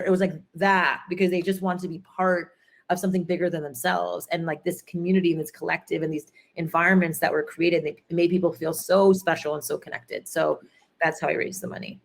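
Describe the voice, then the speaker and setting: Entrepreneur guest, a woman with a deep voice, chatty and animated, acts out what people said. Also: brisk, gravelly. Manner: animated storyteller, acts out quotes, many fillers. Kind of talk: conference interview, storytelling.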